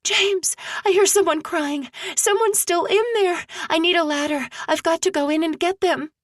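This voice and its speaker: A woman voicing a desperate young schoolteacher who shouts and pleads, pitched far above her own voice. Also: moderate pace, no echo, studio quality. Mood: pleading.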